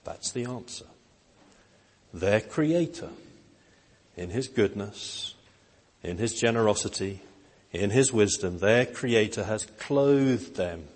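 A man preaching a sermon in a slow, gentle, earnest way, with emphatic rises. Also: on the low side, slightly rough. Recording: long hall reverb.

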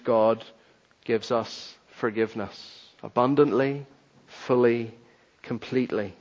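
A man's voice: medium pitch, fairly even intonation, slow pace, big-room sound. A man preaching a sermon in an earnest, emphatic way, on a dull lo-fi recording. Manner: earnest, emphatic, addresses children too. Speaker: pastor.

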